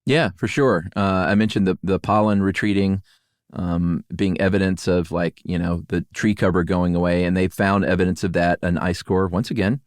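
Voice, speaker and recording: A man co-hosting a casual podcast, talking in a relaxed way with frequent laughs and fillers. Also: deep voice, normal speed, dry recording, studio quality. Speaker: podcast co-host. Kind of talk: casual conversational podcast chat.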